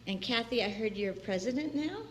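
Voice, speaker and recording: A woman's voice: fairly high pitch, lively intonation, fairly quick, a little hiss or hum. A woman minister giving a chatty, personal sermon in a church, laughing often and acting out the people she quotes. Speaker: guest minister. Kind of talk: conversational sermon. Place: church sanctuary.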